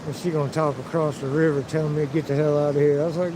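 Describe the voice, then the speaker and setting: A man's voice: fairly high pitch, flat delivery, racing, noisy background. Profane rambling man on an outdoor stream. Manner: profane, rambling storyteller who acts out quotes. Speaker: live-streaming vlogger. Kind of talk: casual live-stream vlog, walking outdoors. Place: outdoors by a river and town streets.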